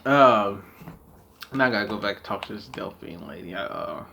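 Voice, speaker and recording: A man's voice: lowish voice, moderate pace, creaky, sharp tone, slight background noise. A man giving casual gameplay commentary on his channel, rambling with lots of fillers, swearing and laughing as he talks. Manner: rambling, filler-heavy, profane; laughs often mid-sentence. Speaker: gaming channel host.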